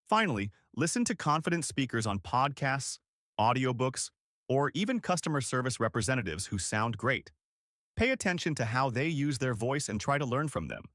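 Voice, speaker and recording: A man giving scripted instructional narration in a clear, deliberate coaching manner. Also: medium pitch, a bit bright, dry recording, studio quality.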